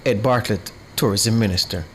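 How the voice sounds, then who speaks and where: Male radio newsreader, crisp. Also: fairly low pitch, moderate pace, slight background noise. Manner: crisp, even news delivery. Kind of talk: scripted news reading.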